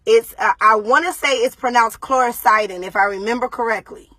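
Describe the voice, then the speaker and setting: Woman, shaken mother addressing livestream viewers, higher voice, dry close mic. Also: sharp tone, no room sound. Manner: shaken, pausing often with ums. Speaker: mother giving a livestream update. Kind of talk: casual live video talk to viewers.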